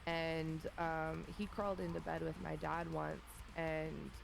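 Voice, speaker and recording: A woman in her thirties telling a funny childhood story in a relaxed chat, acting out her family's voices. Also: low voice, unhurried, gravelly, background noise. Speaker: streamer guest. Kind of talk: casual storytelling.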